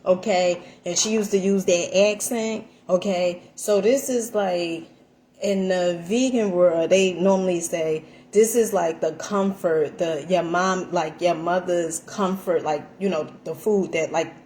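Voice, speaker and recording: A woman chatting through a casual home cooking vlog, animated and full of fillers, calling her viewers honey. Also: fairly low pitch, measured pace. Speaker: vlogger. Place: home kitchen.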